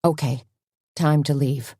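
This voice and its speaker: A woman voicing a calm, steady woman sleuth in an audiobook, speaking in a low-key, reassuring way. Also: takes it slowly, no echo, studio quality. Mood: hushed. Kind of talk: audiobook character voice.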